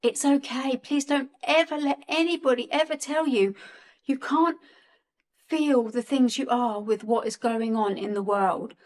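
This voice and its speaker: A woman in her forties with a slightly raised pitch, talking straight to viewers about feelings. She is earnest and emotional, circling back over her words as she goes. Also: unhurried. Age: 40s. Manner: earnest, emotional, repeats and restarts phrases. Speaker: guest on a spiritual channel. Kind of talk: heartfelt spiritual talk to viewers.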